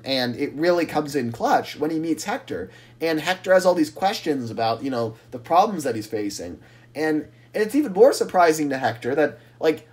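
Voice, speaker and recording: A man co-hosting a casual podcast, animated and rambling, laughing often as he riffs on ideas. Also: a little high. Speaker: podcast co-host. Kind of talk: casual chat.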